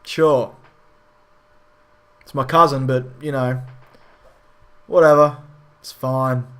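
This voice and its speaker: A man's voice: medium pitch, fairly even intonation, slow pace, a bit bright, smooth. A man voicing a stubborn, greedy male dwarf king who speaks dismissively and offhandedly.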